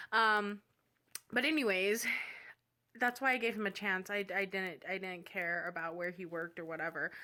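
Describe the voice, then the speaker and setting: Young woman vlogger, bright tone, candid and dramatic, casual chat. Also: mid-range voice. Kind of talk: casual storytelling vlog.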